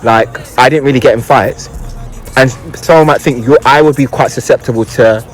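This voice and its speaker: A man's voice: medium pitch, normal speed, faint music behind. A young adult man, a guest telling a personal story in a casual, reflective and hesitant way, often searching for words.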